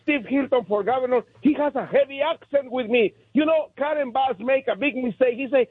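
A man's voice: extremely high pitch, brisk, hardly any pauses, breathy edge, dry recording. A man calling in to a talk radio show, talking emphatically in broken English with a heavy Latin American Spanish accent. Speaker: caller. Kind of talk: excited call-in chat. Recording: tinny phone line.

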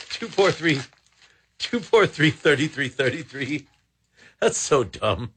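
A man's voice: fairly high pitch, sing-song, slow, pauses often, fairly bright tone, breathy edge. A man hosting a talk radio show, riffing aloud in a jokey, sarcastic way. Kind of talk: casual talk radio chat. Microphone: studio microphone.

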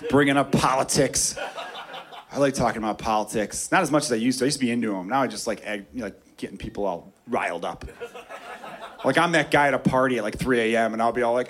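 A man's voice: mid-range voice, quick pace, a bit bright. A man doing a stand-up comedy set in a loose, rambling style with ranting acted-out asides. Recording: crowd audible behind the voice.

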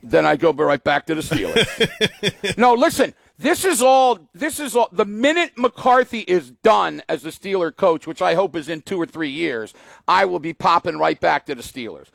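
Sports radio host, male, gravelly, fairly high voice, dry studio sound, animated ranting. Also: normal speed, dry recording. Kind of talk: casual talk radio.

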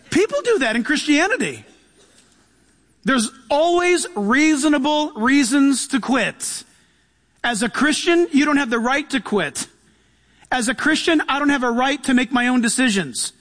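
A man preaching a sermon in a lively, animated way, acting out quotes and laughing often. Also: very high voice, moderate pace. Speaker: pastor. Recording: long hall reverb.

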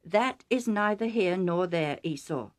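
A woman's voice: on the low side, lively intonation. A woman voicing a stern old blind patriarch. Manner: grave, measured, stern. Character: stern old nearly blind father, solemn.

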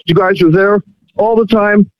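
Male caller, high voice, effusive, stammers his thanks. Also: fairly even intonation, moderate pace, no echo, rough recording. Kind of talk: radio call-in.

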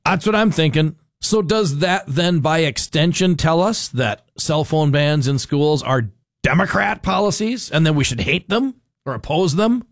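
Sarcastic talk radio host, dry studio sound. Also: male voice, on the high side, dry recording. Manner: opinionated, sarcastic, many fillers. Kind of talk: casual political talk radio. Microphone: studio microphone.

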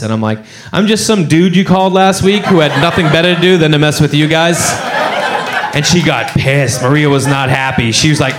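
A man's voice: on the high side, fairly quick, a crowd in the background. A man doing stand-up comedy, telling a story and acting out the voices of the people in it. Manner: animated, acts out characters' voices.

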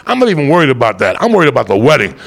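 A man telling a long, profane story in a loose monologue, animated and jumping into loud voices for the people he quotes. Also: medium pitch, very fast. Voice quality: gravelly.

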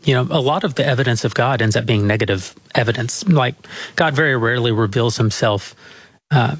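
A man interviewing, speaking in a measured, halting way and often repeating words. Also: mid-range voice, slightly rough, dry recording. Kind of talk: reflective interview talk.

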